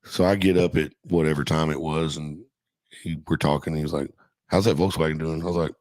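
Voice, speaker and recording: A man's voice: rumbling low, steady tone, brisk, a little mellow, dry recording. A middle-aged man casually telling a profane, laughing story from his youth as a podcast guest.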